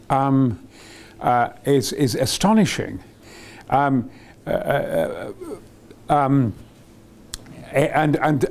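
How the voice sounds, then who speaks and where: An excitable older man tells rambling anecdotes about his work as an actor. His voice swings widely in pitch as he gets carried away, and he stumbles over fillers and restarts between bursts of enthusiasm. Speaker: actor being interviewed.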